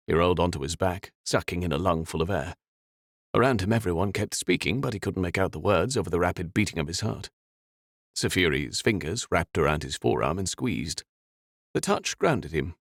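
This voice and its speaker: A man reading a fantasy audiobook in an expressive, dramatic way. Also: deep voice, gravelly, no echo, studio quality. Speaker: audiobook narrator. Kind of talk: scripted fantasy narration.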